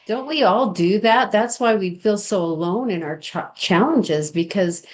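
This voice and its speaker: A woman's voice: mid-range voice, animated, unhurried, rough recording. A woman hosting a podcast interview who responds with sympathy and reflects on what her guest shared. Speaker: podcast host. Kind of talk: interview chat.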